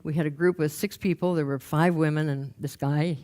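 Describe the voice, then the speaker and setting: A woman giving a talk on stage, telling humorous anecdotes with quick asides. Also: deep voice, steady tone, darkish tone. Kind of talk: storytelling motivational talk. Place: lecture stage with slides.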